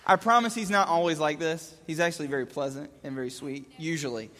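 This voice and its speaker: Man, thirties, high bright voice, lively comic storytelling, long hall echo. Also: fast. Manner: animated, jumps between voices. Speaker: father telling a story. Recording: echoey hall.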